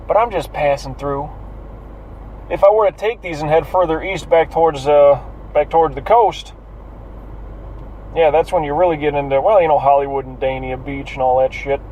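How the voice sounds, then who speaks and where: A man's voice: on the high side, a little mellow, rough recording. A tired man rambling to himself while driving, cursing at traffic in a casual, profane monologue from inside his car. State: yawning and tired. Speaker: vlogger.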